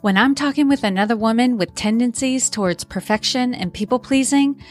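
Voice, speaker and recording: A woman from Massachusetts hosting a podcast, reading a scripted intro and introducing her guest. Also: medium pitch. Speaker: podcast host and leadership coach.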